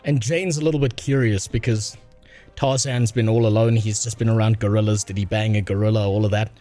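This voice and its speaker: A man's voice: fairly low pitch, steady tone, fairly quick, dark tone, soft background music. A man doing crude, joking casual gameplay commentary as a streamer.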